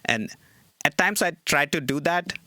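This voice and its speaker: A man's voice: on the high side, lively intonation, moderate pace, bright, forceful tone, no echo, studio quality. A man from India with an Indian accent and Hindi as his first language, a comedian chatting as a podcast guest and laughing often as he talks. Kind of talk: casual podcast chat.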